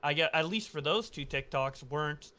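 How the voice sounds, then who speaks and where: A man's voice: on the high side, normal speed, bright, forceful tone. A man, chatting on a stream in a rambling way with many fillers. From Canada. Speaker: streamer guest. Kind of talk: casual stream chat.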